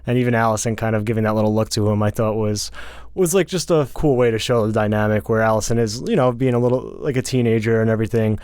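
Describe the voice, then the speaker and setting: A man co-hosting a podcast in casual chat, talking in a thoughtful, measured way with some hesitation. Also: lowish voice, fairly even intonation, a little mellow, clear, resonant tone, no room sound, studio quality. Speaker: podcast co-host.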